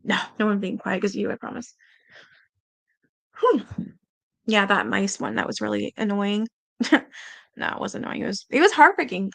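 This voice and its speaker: A woman's voice: mid-range voice, a bit bright. A Canadian woman hosting a livestream, reading aloud and chatting loosely with her viewers, swearing freely and laughing often. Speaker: livestream host.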